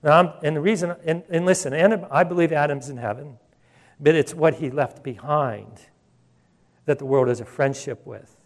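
A man's voice: a little high, normal speed. A male pastor preaching a sermon in an emphatic, conversational way, with asides and restarts.

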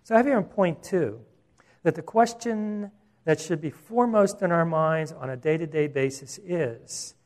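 A man's voice: fairly high pitch, darkish tone. Earnest male pastor preaching a sermon. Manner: earnest, with frequent restarts and slowed, emphatic phrases.

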